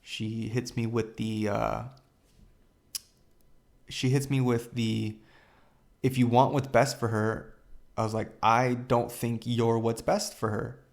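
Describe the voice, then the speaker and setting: A young man hosting a podcast, retelling a painful family story in a halting way, full of fillers and quoted dialogue. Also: medium pitch, flat delivery, gravelly. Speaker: podcast host. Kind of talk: personal storytelling.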